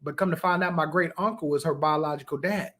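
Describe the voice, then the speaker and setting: A man hosts a relaxed talk show with a notably high voice. He talks loosely and keeps tossing "man" into his sentences. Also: fast talker. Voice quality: casual, keeps saying "man". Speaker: host. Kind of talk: casual talk show chat.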